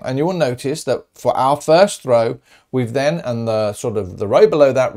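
Middle-aged male maths teacher, upbeat and chatty, lively pitch, talks to students directly. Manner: chatty, upbeat and encouraging, talking straight to students. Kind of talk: recorded video lesson.

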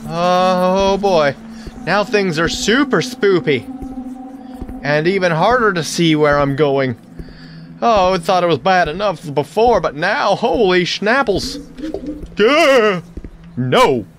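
A man giving let's-play commentary in an unhurried, drawn-out delivery, his pitch sitting a little high and swinging widely. He jokes and talks back to the game, and trips over his words when something startles him. A faint hiss sits under the voice. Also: lively intonation. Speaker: gaming channel host.

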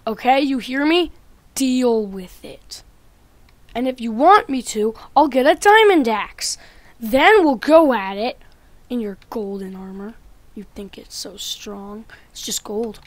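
A woman with a high, bright-sitting voice teases other players through her gameplay commentary. She takes her time with the words, swinging from loud taunts down to quiet muttering. The sound is dry and close, with no room around it. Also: expressive, takes it slowly, no room sound. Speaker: gaming YouTuber.

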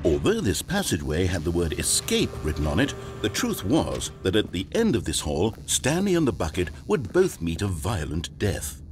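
An actor playing a wry, omniscient male game narrator, speaking in measured, mock-grave tones. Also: sits low, wildly swooping pitch, a little hiss or hum.

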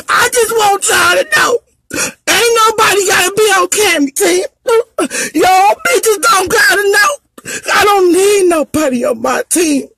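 A man playing a self-pitying gay man who wails, cries and shouts melodramatically in a live-stream comedy bit. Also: very high voice, slight background noise, exaggerated voice, rough recording. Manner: wailing, crying, melodramatic shouting.

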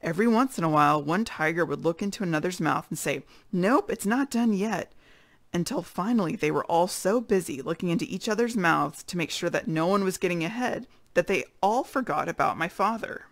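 A woman's voice: fairly low pitch, a little fast, hardly any pauses, no echo. Woman reading a storybook aloud. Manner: expressive storytelling. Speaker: read-aloud narrator. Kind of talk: reading a children's chapter book aloud.

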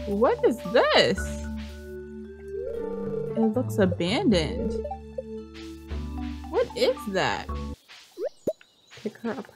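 A woman's voice: fairly high pitch, huge pitch swings, drawn-out words, pauses often, music in the background. A young woman giving casual, chatty commentary while playing a game, often scolding the characters on screen. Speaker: gameplay streamer.

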